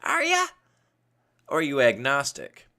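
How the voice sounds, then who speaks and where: A man's voice: mid-range voice, wildly swooping pitch, measured pace, sharp tone, voice pushed up, full character voice. A man putting on an exaggerated voice for a nosy male neighbor who quizzes him in a sing-song, questioning way. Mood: incredulous.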